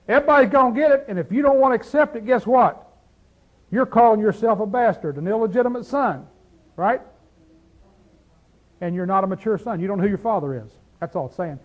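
A man preaching a sermon, swinging between loud emphatic peaks and low quiet asides, full of rhetorical questions. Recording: dull lo-fi sound.

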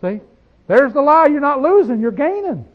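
A very high-pitched, very animated man preaches a folksy sermon on a lo-fi recording. Reading verses slowly, he questions the congregation and moves between quiet asides and loud declarations.

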